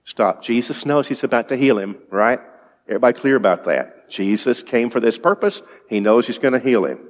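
A man's voice: medium pitch, expressive, brisk. A male preacher giving an evening sermon in a conversational way, asking his congregation questions. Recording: long reverb in a large hall.

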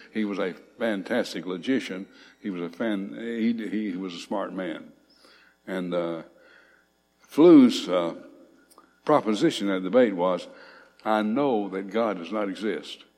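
A male preacher delivers a sermon in a fairly low voice, rising into emphasis when he reads scripture aloud. He pauses on frequent fillers between points. His voice rings with the long reverb of a church hall. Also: darkish tone.

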